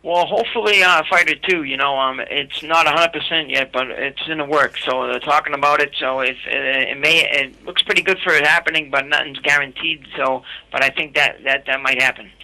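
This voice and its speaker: A man calls in to a show, his voice bright and forceful over the phone line. He speaks in a halting, loose way, restarting and repeating words. His pitch sits a touch high. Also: fairly even intonation. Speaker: guest on the phone. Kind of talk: casual phone interview.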